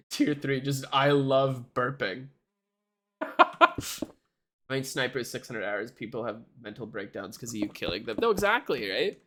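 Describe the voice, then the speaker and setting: Animated ranting young male streamer. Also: medium pitch, a little slow, long pauses. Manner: animated ranting, laughs often. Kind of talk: casual chat.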